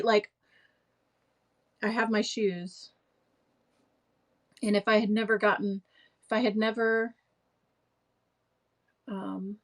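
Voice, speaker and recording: A woman's voice: medium pitch, rough recording. A young woman hosting a live stream in casual chat, rambling and full of fillers and restarts.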